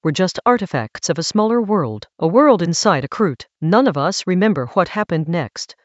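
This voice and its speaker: A man narrating a comedic first-person story in a deadpan, matter-of-fact way. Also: high voice, normal speed, no echo, lo-fi sound.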